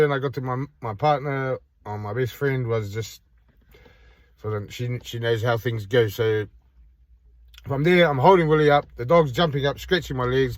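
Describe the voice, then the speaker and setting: A man's voice: medium pitch, dry recording. A man vlogging from a parked car by a park, telling a rambling, blunt story in casual talk with frequent restarts.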